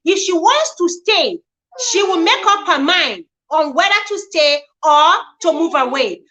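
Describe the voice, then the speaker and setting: A woman hosts a casual livestream, talking in a high, lively register. Her tone is bright and forceful as she reads posts aloud and comments on them. She keeps greeting her viewers by name. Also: a little slow, poor audio. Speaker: livestream host.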